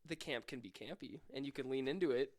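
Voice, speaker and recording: A man's voice: mid-range voice, fast talker. A man co-hosting a casual podcast chat, teasing and skeptical in a laid-back way.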